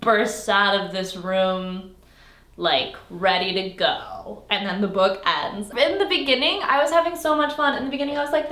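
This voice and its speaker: A woman's voice: mid-range voice, moderate pace, pushed and bright. A young woman casually recapping a fantasy novel she reviews, sarcastic and exasperated, with lots of "like" fillers. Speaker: book reviewer. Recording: echoey room.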